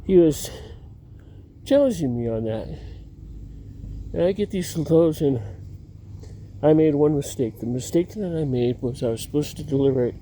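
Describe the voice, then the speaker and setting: A man's voice: fairly high pitch, lively intonation, normal speed, pauses often, dark tone, a little hiss or hum. A man outdoors telling rambling personal stories, often cutting himself off and laughing at his own tales. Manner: meandering, self-interrupting, laughs at own stories. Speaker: vlogger.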